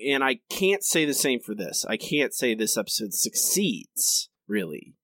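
A man co-hosting a podcast, talking in a rambling, halting way with frequent laughs. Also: mid-range voice, big pitch swings, a bit bright, no echo, studio quality. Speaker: podcast co-host. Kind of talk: casual chat.

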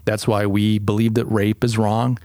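A man's voice: on the low side, level tone, normal speed, mellow, no echo, studio quality. A man hosting a podcast in an emphatic opinion monologue, firing off strings of rhetorical questions. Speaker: podcast host.

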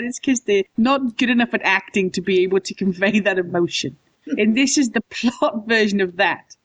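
Podcast co-host, mid-range voice, dry sarcastic humor, quick to laugh. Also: medium pitch, fairly bright tone. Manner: laughs often, riffs sarcastically. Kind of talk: casual comedic chat.

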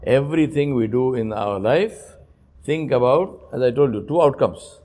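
A man giving an Islamic lecture to young men, emphatic and full of rhetorical questions, swinging from soft asides to loud, pointed repetition. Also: mid-range voice, moderate pace. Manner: storytelling with repeated phrases.

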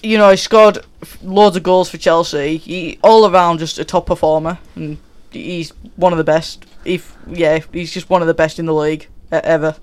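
Young man with a smooth, higher voice. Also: steady tone, normal speed, hardly any pauses. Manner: hesitant, filler-heavy. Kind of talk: casual chat.

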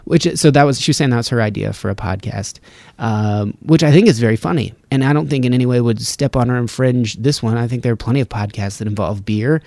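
A man's voice: medium pitch, fast, vocal fry, a little mellow, no room sound. A man hosting a solo podcast from his home studio, rambling casually and breaking off his own sentences. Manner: casual, rambling, self-interrupting. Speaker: podcast host.

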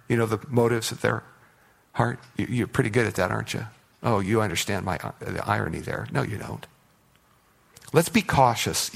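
A man preaching a sermon as pastor, emphatic and rising to loud declarations, asking the congregation rhetorical questions, often stumbling and restarting. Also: medium pitch. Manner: frequent stutters and restarts.

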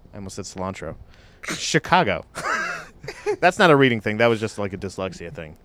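Lively joking man co-hosting a podcast. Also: lowish voice, brisk, pauses often. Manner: joking, playful, puts on silly voices. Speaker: podcast co-host. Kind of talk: casual chat.

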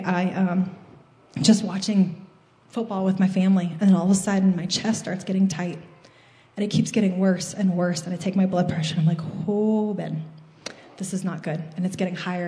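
Woman, mid pitch, mellow tone, earnest church testimony in an echoey hall. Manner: earnest, storytelling, quoting her own prayers. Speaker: church member giving a testimony.

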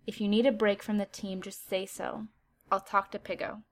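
A woman voicing a gentle, protective male team leader in a storybook reading, calm and reassuring. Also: medium pitch, normal speed, lightly acted.

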